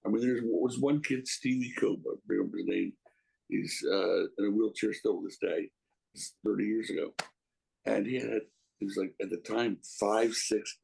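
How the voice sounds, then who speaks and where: A man's voice: fairly low pitch, very animated, normal speed, gravelly, darkish tone, slightly rough, poor audio. A middle-aged man, a guest reminiscing in a casual interview, rambling and emotional with many restarts.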